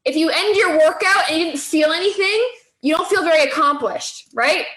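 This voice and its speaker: A woman's voice: very high voice, normal speed, fairly bright tone, roomy sound, poor audio. A woman coaching a group on weight loss in a chatty way, often checking in with "okay?" and "right?".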